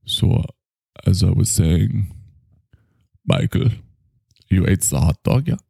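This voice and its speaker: A man voicing a solemn male doctor with a clumsy German accent, halting and full of fillers. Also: sits low, gravelly, mellow, slightly rough, dry recording, clean studio sound, full character voice.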